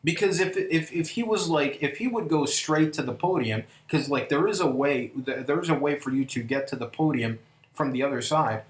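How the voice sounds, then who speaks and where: This reviewer has a fairly high-pitched voice and talks at normal speed, excitedly going over a vintage wrestling event. He uses plenty of fillers and keeps restarting, and the room he's in sounds echoey.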